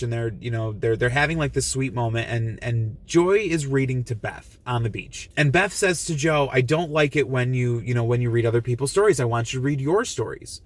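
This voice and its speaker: A man's voice: fairly high pitch, a bit bright. A man giving a casual, earnest film review to camera, gushing and emotional, often restarting and repeating himself. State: emotional, moved.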